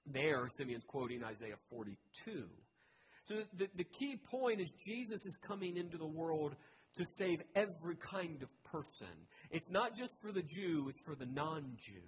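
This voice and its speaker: A man's voice: a little high, noisy background. A man preaching a teaching sermon in a chatty way, with joking asides to his listeners. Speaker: pastor.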